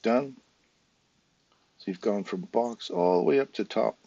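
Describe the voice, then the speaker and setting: A man's voice: mid-range voice, big pitch swings, unhurried, creaky, warm tone, no echo, muffled recording. An English man with a casual, chatty manner, talking viewers through a trading chart live, step by step. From England. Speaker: trading educator.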